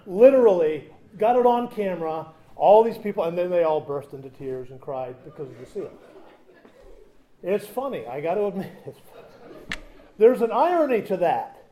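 A man preaching a sermon, moving between loud emphatic points and quiet conversational asides with humorous stories. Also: sits high, animated, normal speed. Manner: conversational, tells humorous anecdotes. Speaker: pastor.

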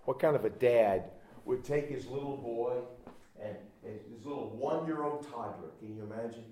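A man preaching a sermon emphatically, swinging between loud exhortation and hushed asides. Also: mid-range voice, normal speed, reverberant.

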